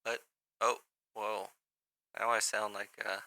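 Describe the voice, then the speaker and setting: A man's voice: lowish voice, slow, vocal fry, bright, forceful tone, dry recording. A man hosting his channel, chatting casually to himself as he tries out voice effects and mutters his reactions. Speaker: channel host. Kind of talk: casual chat while trying out voice effects.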